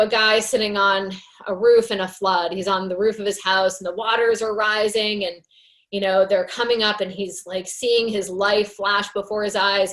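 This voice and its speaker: A woman's voice: mid-range voice, fairly bright tone. A woman leading a recovery workshop, teaching in a casual, earnest way, full of "you know" fillers, and reading aloud from a book. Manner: conversational, many fillers, earnest.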